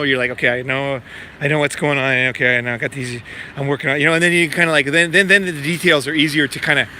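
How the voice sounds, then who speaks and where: A man talks to camera outdoors on a city street, his fairly high voice bright and sharp-edged. He rambles, swears and piles on fillers and repeated words, with faint street noise behind him. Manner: profane, filler-heavy, repeats himself. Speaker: vlogger promoting a meetup. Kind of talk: casual rambling vlog talk.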